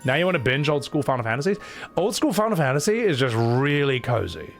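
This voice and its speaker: A man's voice: medium pitch, big pitch swings, a little fast, vocal fry. A young man giving casual, self-deprecating commentary while streaming a game, with music faintly behind.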